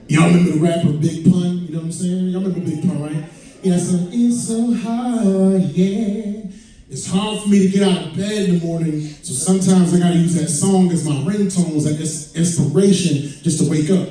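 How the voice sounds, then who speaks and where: A man from Hartford, Connecticut, doing a loose, joking stand-up set, his fairly high voice mellow in tone and a little winded. He slips into bits of song between jokes. The room is very echoey, and he sounds distant from the mic. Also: normal speed. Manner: loose and joking, breaks into singing. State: out of breath. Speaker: stand-up comedian. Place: comedy club stage. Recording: echoey club from far off.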